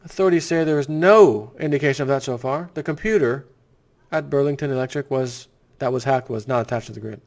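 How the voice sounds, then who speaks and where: A man's voice: mid-range voice, a little fast, close to an everyday voice. A man voicing an overeager male underling who toadies to a governor in mock-deferential, sarcastic tones. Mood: sneeringly servile.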